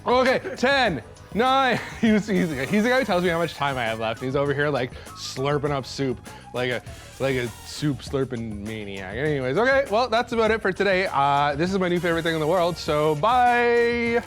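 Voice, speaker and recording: A young man hosting a cooking show, rambling and joking excitedly as he cooks and tastes in a studio kitchen. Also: on the high side, fairly quick, faint music behind. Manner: hyped, rambling, joking, laughing between lines. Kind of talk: casual on-camera cooking chatter.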